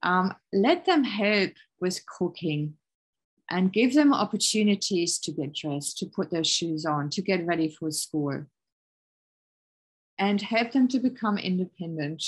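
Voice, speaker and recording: A middle-aged woman giving a parenting webinar over a video call, calm and encouraging, explaining with everyday examples. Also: lowish voice, measured pace, husky, rough recording. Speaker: parenting workshop presenter. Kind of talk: webinar presentation.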